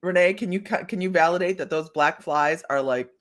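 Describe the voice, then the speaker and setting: A woman's voice: lowish voice, fairly quick. A woman from Ohio hosting a psychic reading livestream, chatting casually with viewers by name and laughing often as she reads cards. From Ohio, United States. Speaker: psychic reader and livestream host.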